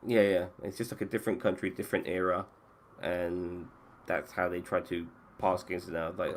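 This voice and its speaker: Deep-voiced man hosting a casual chat. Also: little pitch movement, moderate pace, a little hiss or hum. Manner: casual, swears freely, restarts sentences. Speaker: podcast host. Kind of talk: casual chat about games.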